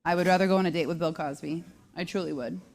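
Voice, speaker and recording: A woman in her thirties hosting a live show, telling brash, self-deprecating comic stories at a quick clip. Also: on the low side, steady tone. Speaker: host. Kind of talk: live comedic storytelling.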